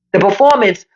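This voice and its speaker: Playful woman live-streaming, lively voice. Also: mid-range voice. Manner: playful, laughs often, talks to viewers as y'all. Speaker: podcast host on a live stream. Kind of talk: casual livestream commentary. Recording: dull lo-fi livestream audio.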